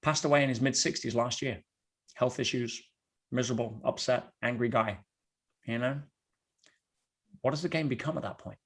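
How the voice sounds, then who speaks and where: A man's voice: medium pitch, moderate pace, pauses often. Middle-aged man, motivational speaker; blunt, storytelling delivery to a live online audience. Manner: blunt, storytelling, addresses listeners as guys.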